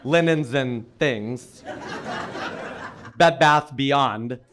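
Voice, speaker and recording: An American man performing a stand-up comedy routine on stage, animated and exclaiming his punchlines. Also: medium pitch, very slow, background noise. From United States. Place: comedy stage before a live audience.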